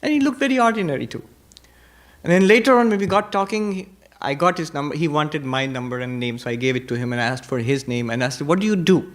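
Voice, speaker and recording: A man with a slightly raised pitch delivers a spiritual lecture as a monk. He moves between storytelling and chanted Sanskrit verses. He hammers home each point by repeating it. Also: expressive, fast. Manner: emphatic repetition. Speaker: Vedanta teacher, monk.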